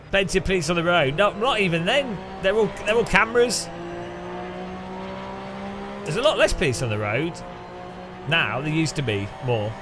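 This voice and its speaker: An Englishman streaming a racing game in casual, sarcastic chat with frequent laughs, with music playing behind. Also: a little high. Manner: chatty, sarcastic, laughs often. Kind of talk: casual gaming commentary.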